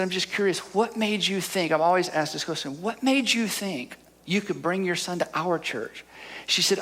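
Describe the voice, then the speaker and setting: Brief: middle-aged man preaching, bright and fairly high, earnest storyteller, choked with emotion. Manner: earnest, storytelling, repeats "I'm telling you". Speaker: pastor. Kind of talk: sermon.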